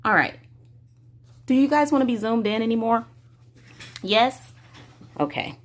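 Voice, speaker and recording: A woman's voice: on the high side, unhurried. A woman hosting a casual coloring tutorial, chatting to her viewers while she works and stretching out her words.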